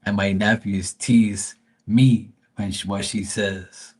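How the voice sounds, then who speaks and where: Husky low-voiced man rambling. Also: fairly even intonation, slow. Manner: rambling, profane storyteller. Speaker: live stream host. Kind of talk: casual chat.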